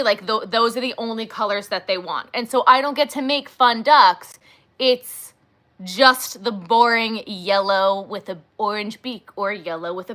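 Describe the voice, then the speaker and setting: A woman with a bright, clear voice hosts a casual crochet livestream. She rambles from topic to topic, filling her talk with "like" and "um" and gushing over things she enjoys. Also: fairly high pitch. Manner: rambling, chatty, gushing, says "like" and "um" often.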